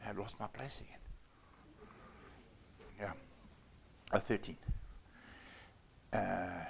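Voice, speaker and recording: A man preaching a sermon as pastor, reading scripture dramatically and swinging between loud outbursts and hushed asides. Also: mid-range voice, animated, moderate pace, creaky, pauses often, slightly rough.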